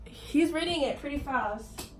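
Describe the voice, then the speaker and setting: A woman's voice: high-pitched, a little slow, over loud music. A woman vlogging in a casual way, nervous and giggly, with lots of filler words. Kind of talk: casual vlog talk.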